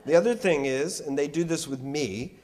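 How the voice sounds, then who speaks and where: A man giving a public lecture as an art critic, joking and teasing his audience, animated and quick to banter. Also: on the high side, slight background noise.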